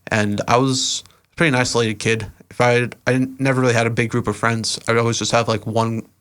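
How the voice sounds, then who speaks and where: A young man, a podcast guest, telling stories in a relaxed, rambling way with lots of fillers. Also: mid-range voice, fast, clean tone. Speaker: podcast guest, event organizer and rapper. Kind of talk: casual interview storytelling.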